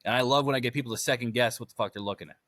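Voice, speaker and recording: Fast-talking, cussing man in casual chat. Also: medium pitch, a bit bright, no room sound, studio quality. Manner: fast, profane storyteller, mimics others in quoted dialogue. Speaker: podcast co-host.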